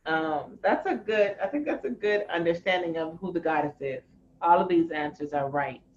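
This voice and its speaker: Woman running an online class, blunt n animated, swears a lot, dull lo-fi audio w faint hiss. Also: on the low side, moderate pace. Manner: frank, animated, swears casually. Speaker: course leader.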